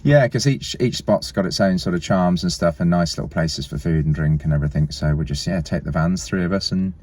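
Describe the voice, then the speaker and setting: A man's voice: low-pitched, fairly quick, a little mellow, breathy edge. A man chatting casually as a guest, telling stories in a rambling, laid-back way. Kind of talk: casual chat.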